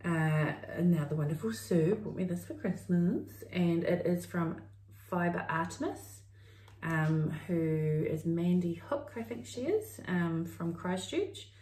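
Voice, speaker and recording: In a lowish, slow, mellow voice, the middle-aged New Zealand co-host of a crafting podcast chats casually, drifting from thought to thought. Her mic is distant and the room is audible.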